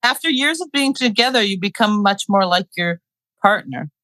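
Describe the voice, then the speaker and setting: A woman in casual conversation, speaking gently and reflectively. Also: medium pitch, expressive, moderate pace, no room sound. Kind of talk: casual chat.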